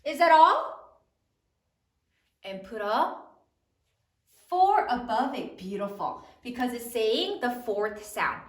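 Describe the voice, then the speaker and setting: A woman teacher leading a spelling lesson for third graders, slowly sounding out each letter and praising her students often. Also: on the high side, sing-song, roomy sound.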